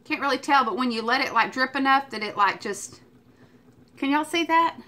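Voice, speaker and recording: A woman's voice: high-pitched, animated, normal speed, bright, forceful tone. A woman hosting a home cooking video, chatting and teasing her viewers as she cooks in her kitchen. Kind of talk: casual cooking chat.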